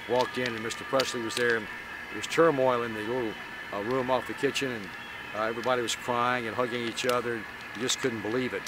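A man being interviewed, who recounts a memory haltingly with many restarts. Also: medium pitch. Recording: loud background noise.

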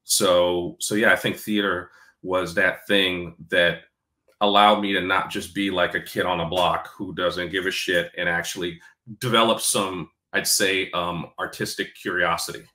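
A New York man in his forties gives a candid, casual interview in a low, steady, sharp voice at a measured pace, and the sound is reverberant. His accent is mostly neutral American with a faint Black New York tinge. He swears freely, laughs easily, and uses lots of fillers.

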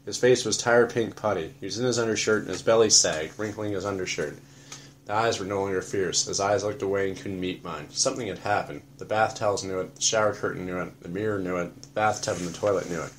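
A man narrating an audiobook in a flat, matter-of-fact first-person telling. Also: sits low, quick pace, a little hiss or hum.

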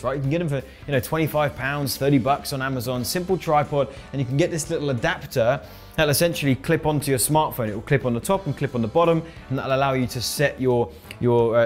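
A man teaching video marketing to camera, energetic and punchy, often checking in with "right?" and "all right?". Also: mid-range voice. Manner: energetic, drives points home with tag questions like "right?" and "all right?". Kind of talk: instructional talk to camera.

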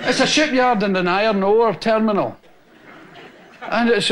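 A man's voice: sits high, sing-song, a little slow, long pauses. A Scottish man doing stand-up, telling rambling anecdotes to a laughing live audience. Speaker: stand-up comedian. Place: television studio with a live audience. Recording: loud hiss on an old TV recording.

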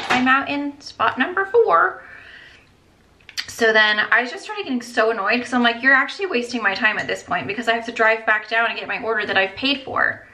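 A woman's voice: mid-range voice, sharp tone. A woman in her thirties with a headache, chatting to viewers while doing her makeup, full of "like" and "you guys.". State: tired, with a headache. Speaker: beauty vlogger.

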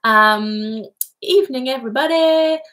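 A woman with a fairly high voice hosts a live craft stream. She chats casually and giggles as she reads out viewer comments, drifting into rambling asides. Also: a little slow, fairly bright tone, poor audio. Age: adult parent.

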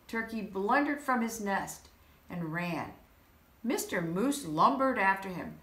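Unhurried woman reading a story aloud. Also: medium pitch. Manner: expressive, unhurried. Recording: echoey room.

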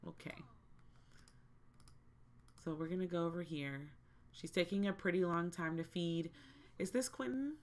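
Woman host, casual game commentary, lower voice, slow and drawn-out, exasperated repeats. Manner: exasperated, repeats herself, talks to viewers directly. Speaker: gaming channel host.

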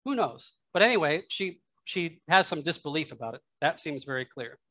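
With no echo, a slightly high, bright, forceful voice preaches in church at a moderate pace, animated throughout. This pastor's style is casual and musing, broken up by asides and laughs.

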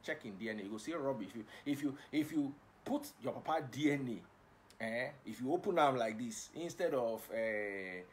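A man's voice: medium pitch, lively intonation, moderate pace. Middle-aged Nigerian male broadcaster, casual live chat, playful, preachy. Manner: switches between English and pidgin, playful and preachy. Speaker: livestream host and broadcaster.

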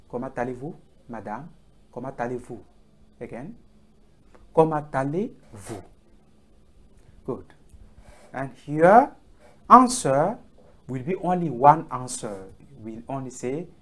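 A man teaching French in an online lesson, patiently drilling phrases over and over with hesitant pauses. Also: mid-range voice.

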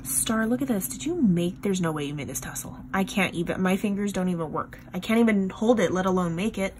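A woman hosting a craft video, gushing excitedly over tiny handmade pieces and filling her talk with "like" and "you guys.". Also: mid-range voice, a little fast, slight background noise. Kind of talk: casual show-and-tell chat.

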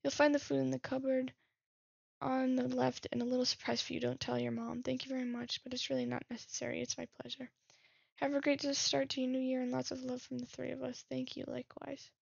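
A woman with a high, gravelly, husky voice reads game messages aloud and chats about them as she plays. She speaks in a fairly flat tone, close to a dry, dull-sounding mic. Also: brisk, no room sound. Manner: reads messages aloud, muses and laughs at herself. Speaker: gaming streamer. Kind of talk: reading game text aloud with commentary.

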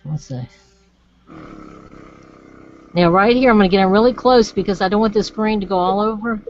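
A woman's voice: mid-range voice, moderate pace, dull audio, faint music behind. A woman giving a chatty, encouraging live craft demonstration and talking straight to her viewers.

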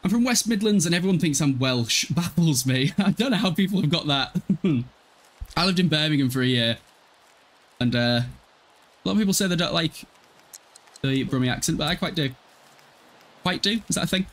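A man's voice: on the high side, lively intonation, normal speed, pauses often, fairly bright tone. A man from Hull chatting casually with his viewers while streaming a game, laughing often and swearing freely. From Hull, East Yorkshire, England. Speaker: gaming livestreamer. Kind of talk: casual gameplay livestream chat.

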